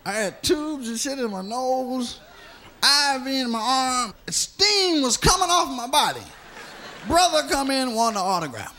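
A man doing a stand-up routine, telling a profane story with lively acted-out voices. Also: extremely high pitch, unhurried, slight background noise. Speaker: stand-up comedian.

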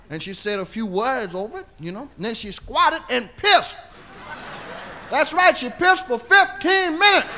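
Man, rowdy profane comic storyteller, very high voice, laughs through his lines. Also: bright, forceful tone, a little hiss or hum. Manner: rowdy, laughing as he talks, acting out the scene. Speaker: comedian.

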